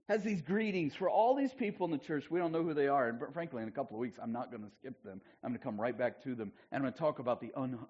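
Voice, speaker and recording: A man preaching a sermon as pastor, chatting with the congregation and swinging from loud emphasis to hushed asides. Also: mid-range voice, husky. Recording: dull lo-fi church recording.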